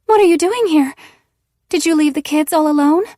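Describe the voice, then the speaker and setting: A woman voicing a disturbed woman who mimics her sister in a high, sing-song, tearful voice. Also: normal speed, mellow, no room sound, studio quality, lightly acted. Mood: pleading.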